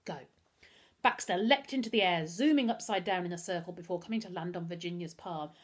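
A woman reads a children's novel aloud in a steady, expressive storytelling voice. Her tone is husky and breathy. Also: on the low side, fast talker.

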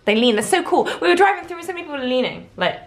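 A woman's voice: high voice, very fast. A young woman, chatting jokily in a travel vlog. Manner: jokey, playful, animated. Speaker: vlogger. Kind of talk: casual vlog chat.

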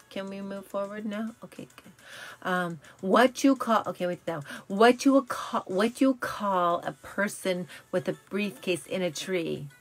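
A woman hosting a casual live stream, chatty and self-correcting, telling corny jokes and riddles, her voice slightly raspy from talking all day. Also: medium pitch. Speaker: live show host.

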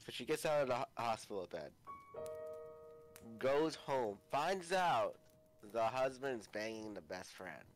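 A man's voice: medium pitch, animated, unhurried, rough recording. Rambling young man over background music. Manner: rambling, swears, laughs often. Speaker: podcast host. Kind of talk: casual chat.

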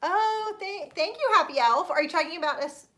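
A very high-pitched woman with lively intonation and a sharp tone talks at normal speed while hosting a live stream from Florida. She greets viewers by name and laughs often. When she mangles a name, she apologizes and pokes fun at herself.

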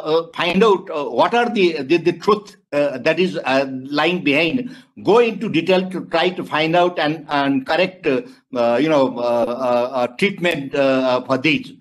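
A man from Nepal speaking as a webinar panelist over a video call, halting and searching for words, posing rhetorical questions. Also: on the high side. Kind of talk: panel discussion remarks.

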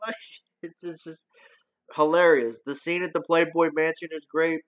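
A man's voice: fairly high pitch, fairly even intonation, normal speed, fairly bright tone. A man giving a casual, rambling movie review, talking loosely, restarting often and swearing now and then.

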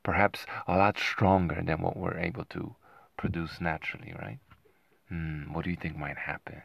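Sarcastic deep gravelly man ranting. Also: flat delivery, moderate pace, no echo, highs cut off. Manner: combative, sarcastic, keeps asking "right?". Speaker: boxing commentator. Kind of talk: ranting commentary to camera.

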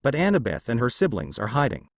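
A man narrating a fanfiction story in an animated reading voice. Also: medium pitch, fast, gravelly, dry recording, studio quality.

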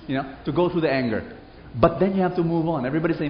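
An animated male preacher tells a story in his sermon and calls out for answers from the congregation. His voice sits slightly high. The recording is muffled and echoey, with a faint hum behind it. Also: fast, a crowd in the background. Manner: animated, call-and-response. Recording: roomy, dull hall recording.

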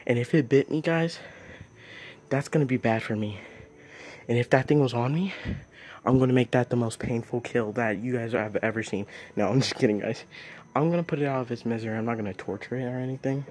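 A man's voice: medium pitch, fairly quick, darkish tone. A young man vlogging outdoors at night on a phone, narrating casually and exclaiming in squeamish alarm about bugs. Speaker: nature vlogger.

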